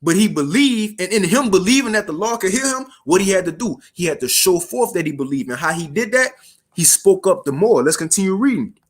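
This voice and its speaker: A man preaching a casual street sermon, reading scripture slowly and formally, then explaining it in slang and checking in with his listeners. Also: high voice, very animated.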